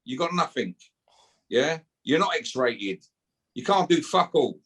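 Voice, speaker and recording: A man's voice: a little high, sing-song, slow pace, fairly bright tone, slightly rough. A man, calling out a rival in brash, swearing casual talk and ending lines with a taunting "yeah?". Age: 50s. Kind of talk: heated casual callout.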